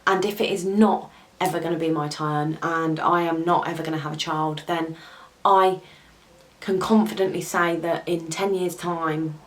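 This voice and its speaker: A woman's voice: low voice, steady tone, moderate pace, low-quality recording. A young woman vlogger talking candidly to camera in a heartfelt, confiding way, with hesitant ums, at times near tears. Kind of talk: candid personal talk to camera.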